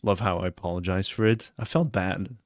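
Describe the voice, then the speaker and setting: Give me an earnest, rambling man with a low voice on a dry mic, chatting casually on a live stream. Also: brisk, dry recording. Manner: earnest and rambling, often asks "you know what I'm saying?". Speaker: streamer reacting to a clip.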